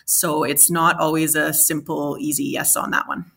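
A woman's voice: sits low, level tone, normal speed, creaky, a bit bright, husky. A woman, a guest expert, explaining building emissions in a conversational interview with many fillers and restarts.

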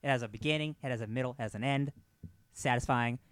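A young man co-hosting a podcast in casual, jokey, excitable chat. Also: medium pitch, fast talker, clean tone, dry recording. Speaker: podcast co-host.

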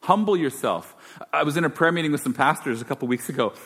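A man's voice: a little high, expressive, fast talker, fairly bright tone, slightly rough. A man preaching a sermon as pastor, conversational and then emphatic. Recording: long hall reverb.

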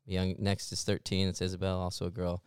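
A man's voice: deep voice, monotone, fairly quick, a little mellow, clear, resonant tone, no echo, studio quality. A man in his forties, a worship leader co-hosting a church podcast, playful and joking. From Mesa, Arizona. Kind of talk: casual podcast conversation.

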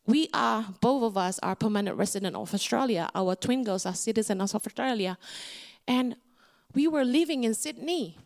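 Brief: woman, middle-aged guest preacher, high voice, lively and expressive. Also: normal speed, gravelly. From Indonesia. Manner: animated storytelling with big pitch swings. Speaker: guest speaker. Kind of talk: sermon.

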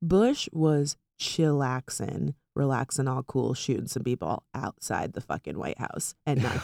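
A woman's voice: low-pitched, big pitch swings, measured pace, gravelly, few pauses, dark tone, no echo, clean studio sound. A woman chatting casually and animatedly about politics, sarcastic and full of fillers.

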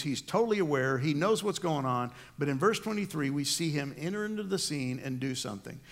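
A man's voice: a little high, vocal fry, fairly bright tone. A middle-aged man preaching a sermon as a pastor, telling stories and acting out the lines of the people in them. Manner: storytelling with acted-out quotes.

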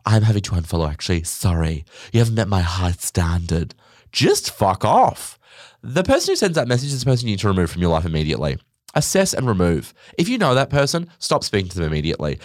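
A man's voice: no room sound, clean studio sound. A man hosting a podcast, delivering a sarcastic, profane comedic rant. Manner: sarcastic, profane, animated swings in pitch. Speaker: podcast host. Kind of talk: ranting comedic monologue.

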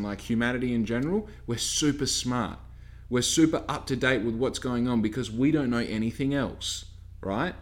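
A young man in his twenties who works a coffee van, talking in a casual monologue rant. He is cheeky and swears a lot, with heated outbursts. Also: medium pitch. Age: 20s. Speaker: coffee van worker vlogging.

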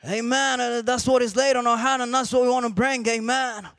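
A man preaching a sermon to a congregation, repeating "amen" often and rising to shouted emphasis. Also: very high-pitched, fairly even intonation, brisk, no echo.

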